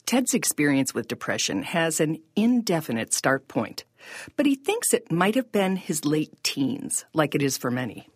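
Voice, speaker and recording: A woman narrating a podcast in a measured, scripted storytelling voice. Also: deep voice, very animated, husky, dry recording, clean studio sound.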